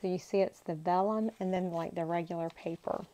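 A woman's voice: on the low side, steady tone, fairly quick, mellow, rough recording. A woman hosting a crafting channel, chatting casually and gushing to herself as she unboxes paper supplies. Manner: gushing, talks to herself while handling paper.

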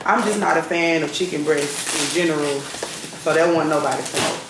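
A woman's voice: deep voice, steady tone, moderate pace. A young woman, chatting casually to her viewers in a rambling vlog at home. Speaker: vlogger. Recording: echoey room with clear background noise.

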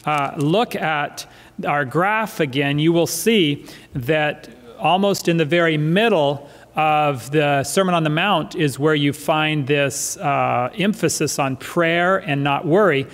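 A man's voice: on the high side, slow, a bit bright. Man preaching a sermon in a reverberant church. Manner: emphatic preaching, repeating key phrases. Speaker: pastor. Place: church sanctuary.

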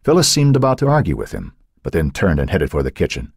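A male narrator reads a suspense novel in a very deep, husky voice. His pitch moves widely and expressively. The sound is dry and close, with no room around it. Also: wildly swooping pitch, fast, no echo. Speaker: audiobook narrator. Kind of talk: scripted audiobook narration.

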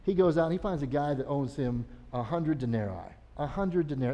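A man's voice: a little high, expressive, fast, few pauses, mellow. A man, a children's pastor, preaching a sermon in a folksy, conversational storytelling way. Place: church sanctuary. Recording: long church reverb.

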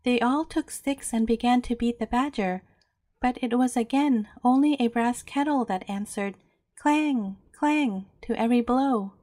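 Female storyteller, gentle and measured, warm mellow read for bedtime tales. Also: on the high side, no echo, clean studio sound.

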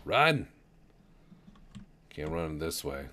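A man giving casual gameplay commentary with wry, deadpan asides. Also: deep voice, a little slow, over loud music. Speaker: gamer.

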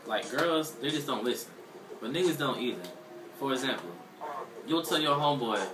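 A man in a profane comedic rant, animated and slangy, acting out what his friends say. He sounds set back from the mic in a roomy space. Music plays clearly underneath. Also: medium pitch, a little fast, far from the mic. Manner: animated, acts out friends' voices, heavy slang and swearing. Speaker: comedic commentator.

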